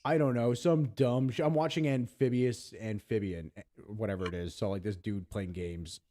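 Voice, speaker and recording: A man's voice: on the low side, steady tone, moderate pace, dark tone. A man from Pennsylvania in casual podcast chat, telling a rambling, profane story and acting out the people in it. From Pennsylvania, USA. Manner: rambling, profane, acts out voices in his stories. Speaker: podcast co-host.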